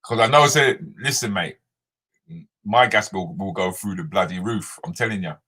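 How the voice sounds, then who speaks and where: Reading comments on a casual live stream, a comedian host keeps the chat moving with joking banter in a bright, lowish voice at a moderate pace. He addresses viewers by name and sometimes slides into Jamaican patois.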